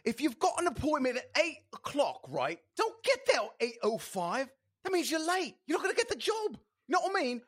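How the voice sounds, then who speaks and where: A man's voice: very high voice, wildly swooping pitch, a little fast, hardly any pauses, a bit bright, pitched above the performer's own voice, exaggerated voice. A man putting on a ranting British bloke. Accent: put-on British. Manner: blustery, blunt, preachy. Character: loud ranting British bloke lecturing on punctuality. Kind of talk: comic impression on a podcast.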